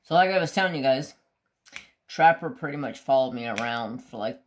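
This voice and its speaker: A man's voice: medium pitch, expressive, brisk. A man chatting casually to his viewers as a craft vlogger, rambling about his pets and swearing offhandedly.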